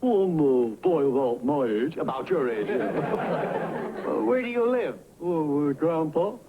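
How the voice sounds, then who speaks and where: A dim wooden farm-boy dummy, voiced by a man, hesitates and drawls in a slow, dopey way. His pitch wanders a great deal. The sound is tinny and thin, and a live audience can be heard behind it. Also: sing-song, over a noisy crowd. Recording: tinny old broadcast with audience.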